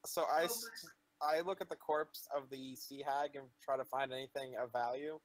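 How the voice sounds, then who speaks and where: A man's voice: medium pitch, steady tone, normal speed, low-quality recording. A man chatting casually as a player in a tabletop game, cheeky and joking.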